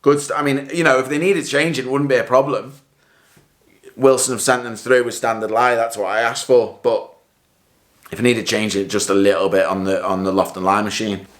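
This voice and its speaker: A chatty man talks his way through a home practice session for a golf vlog. His voice sits at an ordinary middle pitch, and he is self-critical one moment and cheering the next. Now and then he sounds a little out of breath between swings. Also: fairly quick. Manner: chatty, self-critical, bursts of excited exclamations. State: a bit out of breath at times. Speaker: golf vlogger. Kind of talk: casual vlog commentary while hitting shots.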